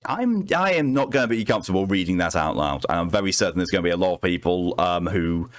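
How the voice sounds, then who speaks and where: Low-voiced man on a reading stream. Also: animated, quick pace, no room sound. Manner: casual, swears freely. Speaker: streamer reading horror stories.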